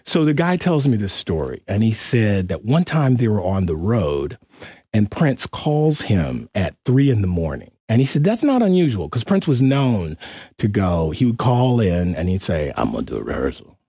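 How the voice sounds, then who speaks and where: A man telling a profane, animated anecdote as a studio guest, acting out the voices of the people in it. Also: fairly low pitch, normal speed, slightly rough, no echo. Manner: profane, acts out voices in his story.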